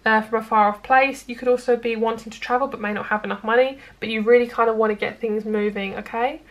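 A woman's voice: a little high, steady tone, quick pace, highs cut off. A woman giving a casual, reassuring tarot reading straight to her viewers. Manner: chatty, reassuring, addresses viewers directly. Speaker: tarot reader.

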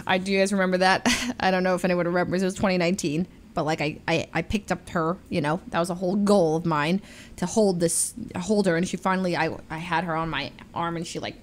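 A young woman streamer tells her chat a story in a casual, animated style. She restarts often and jumps quickly into high-pitched voices for quoted lines.

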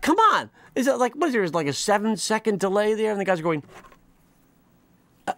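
A man hosting his own comedy show, delivering a rambling, animated monologue full of restarts and quick mock voices. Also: sits high, background noise. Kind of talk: comic monologue.

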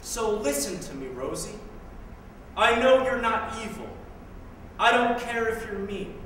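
High-voiced man performing spoken word. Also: measured pace, a bit bright. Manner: wry, pointed, with sarcastic asides. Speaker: poet. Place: live performance room. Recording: echoey hall, mic far off, faint noise.

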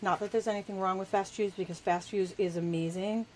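A woman's voice: medium pitch, fairly even intonation, brisk, a little mellow, a little hiss or hum, rough recording. Woman, craft show host, chatty, self-deprecating, laughs a lot, talks while working. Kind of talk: live crafting demonstration.

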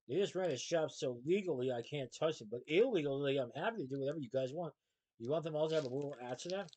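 Slightly high-voiced man reading a story. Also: a little fast, low-quality recording. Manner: expressive reading with shifting character voices. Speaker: storybook reader. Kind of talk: reading a children's novel aloud.

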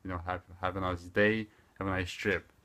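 A young man teaching a casual online language lesson, repeating phrases slowly and deliberately with loose, chatty asides. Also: low voice. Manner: slow deliberate repetition of phrases, relaxed filler-heavy asides.

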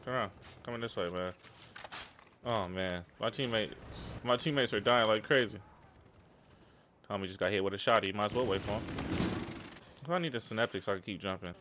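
A young man giving live, slangy, excitable commentary over his own shooter gameplay. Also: lowish voice, fairly quick, long pauses, noisy background. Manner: excitable, slangy, trash-talking. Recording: game gunfire behind the voice.

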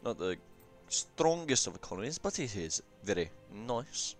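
A man's voice: fairly low pitch, very animated, a little slow, soft background music. A young man giving casual, rambling game review commentary, swearing often and offhand. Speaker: gaming commentator.

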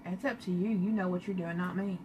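A woman's voice: lowish voice, fairly even intonation, brisk, noisy background. A woman hosting a casual live makeup stream, exasperated and laughing along.

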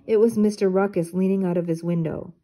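An older woman reading a children's storybook aloud in clear, even narration. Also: mid-range voice, brisk. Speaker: storybook reader.

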